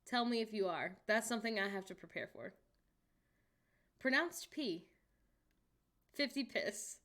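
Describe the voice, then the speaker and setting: Unhurried and animated, a young woman from the US hosts a relaxed live stream in a medium-pitched, fairly bright voice. She reads out chat, laughs and jokes plenty, and bursts out in disbelief.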